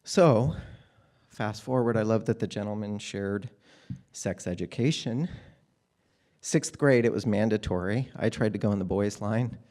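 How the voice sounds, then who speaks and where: A man speaks in a fairly low voice, recounting his own life in a candid, wry manner. He tells it as live storytelling and grows animated in places. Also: unhurried.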